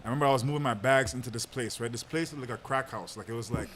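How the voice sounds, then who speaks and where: A man's voice: medium pitch, rapid-fire, a bit bright. Young man, casual storyteller, podcast host, frequent laughs, filler words, faint background hiss. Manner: laid-back, laughs often, lots of fillers.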